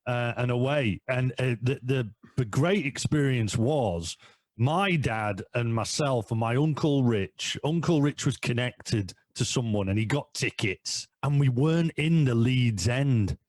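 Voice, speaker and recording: Man, podcast guest, animated storyteller, middle pitch, dry. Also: measured pace, dry recording. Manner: rambling, animated, lots of uhs. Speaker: podcast guest, football fan. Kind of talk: casual storytelling.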